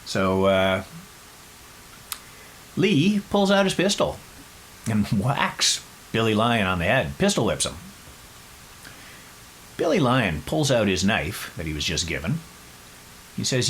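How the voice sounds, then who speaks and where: Low-voiced male podcast host, chatty storyteller with wry jokes. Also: slow pace, pauses often, slight background noise, rough recording. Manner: animated, chatty, wry asides. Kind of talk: casual storytelling.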